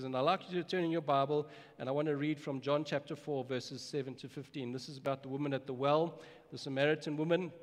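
A man preaching a sermon as pastor, earnest and emphatic, often repeating words as he starts a phrase. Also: mid-range voice. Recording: long hall reverb.

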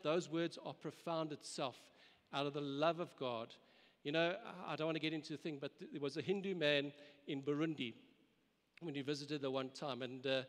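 A male pastor preaches earnestly, urging his listeners on and restarting phrases as he goes. His voice sits fairly high, and a large church hall gives it a long, ringing reverb. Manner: earnest, exhorting, with frequent restarts. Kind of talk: sermon.

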